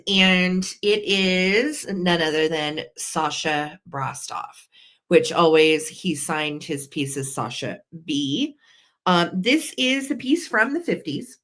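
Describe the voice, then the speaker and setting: Slow-talking woman hosting a live sale. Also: lowish voice, a bit bright. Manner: chatty, gushing over vintage pieces. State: coughing with allergies. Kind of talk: live auction selling chat.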